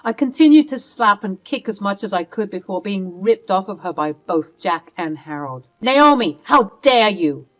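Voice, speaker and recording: A woman's voice: medium pitch, moderate pace, hardly any pauses, low-quality recording. A woman narrating a first-person family drama in an earnest, emotional way.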